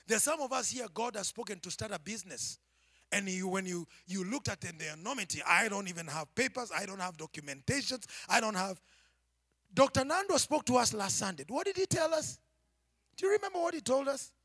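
A man preaching a sermon to his church, swinging from shouted climaxes to hushed, near-whispered asides. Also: high-pitched, expressive, brisk, no echo, studio quality.

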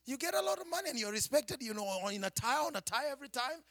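A man with a Kenyan accent, a preacher giving a personal testimony with dramatic storytelling that swings from hushed to shouting. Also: extremely high pitch, animated, fast, no echo.

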